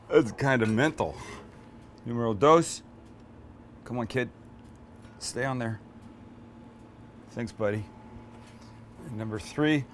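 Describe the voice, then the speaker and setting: A man hosting a cooking show, walking through a recipe in a relaxed, joking way and bantering with the crew behind the camera. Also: mid-range voice, slight background noise. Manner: chatty, joking, teases his crew. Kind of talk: casual cooking demonstration.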